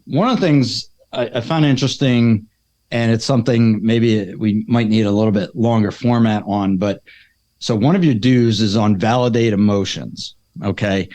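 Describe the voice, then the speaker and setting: Casual low-voiced male podcast host. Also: normal speed, a little mellow, dry recording. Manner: casual and chatty, fillers like "you know" and "um". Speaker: podcast host and youth coach. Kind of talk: conversational podcast interview.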